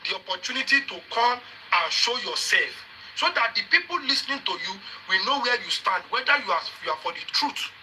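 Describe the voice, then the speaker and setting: A man's voice: high voice, lively intonation, a little fast, pushed and bright, slight background noise, rough recording. A man with a Nigerian accent, mixing Yoruba and pidgin, hosting a live social media session and confronting viewers with repeated pointed questions. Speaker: livestream host.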